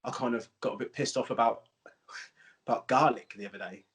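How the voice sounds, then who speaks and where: A man co-hosting a casual comedic chat, telling relaxed anecdotes about life in lockdown. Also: medium pitch, fairly quick. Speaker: co-host, comedian.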